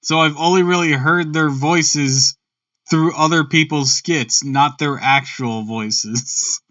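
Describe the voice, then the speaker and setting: A man's voice: a little high, slow pace, a bit bright, dry recording, recorded from a distance, highs cut off. A man reading a classic story aloud on stream, breaking off for casual, chatty asides and joking about his own misreadings.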